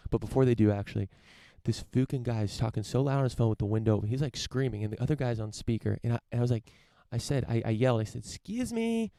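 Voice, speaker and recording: A young man hosts his own casual solo podcast from his parents' home, rambling loosely and profanely with plenty of fillers and restarts. His medium-pitched voice is fast, creaky, and dark, with fairly even intonation and few pauses, recorded with no room sound on a live-stream camera setup.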